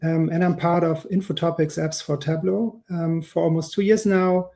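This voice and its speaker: A man in his forties introducing himself as a guest on a video call, steady, with frequent pauses to fill in. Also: fairly high pitch, vocal fry. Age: 40s. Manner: steady, lots of "um". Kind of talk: casual self-introduction.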